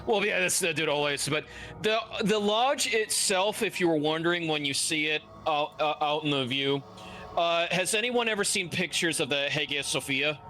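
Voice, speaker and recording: A man's voice: fairly high pitch, moderate pace, pushed and bright, soft background music. A man casually commenting while streaming a game, chatty and laid-back.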